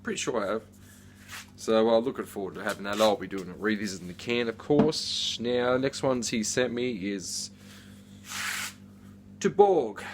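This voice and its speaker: Chatty middle-aged man, lowish voice. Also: normal speed, pauses often, noisy background. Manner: rambling, chatty, with many fillers. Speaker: beer reviewer. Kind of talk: casual unboxing chat.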